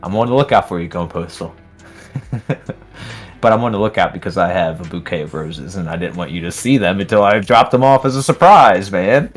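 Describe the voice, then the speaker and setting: A man with a fairly low voice hosts a live stream and chats loosely with viewers, reading their comments and laughing between them. Faint music plays under his talk. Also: expressive, brisk. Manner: chatty, laughs often, reads names aloud. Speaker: livestream host.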